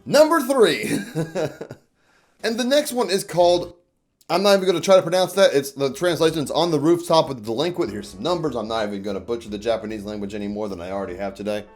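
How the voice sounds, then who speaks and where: A man's voice: fairly high pitch, fast talker, darkish tone, faint music behind. A man giving a casual, crude and jokey review monologue, often acting out quoted lines. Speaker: YouTuber reviewing manga.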